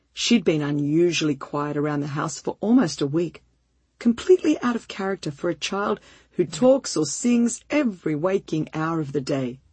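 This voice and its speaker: Breathy woman reading a heartfelt story. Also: deep voice, no room sound. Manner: gentle, heartfelt, measured. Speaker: narrator. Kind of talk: reflective first-person story reading.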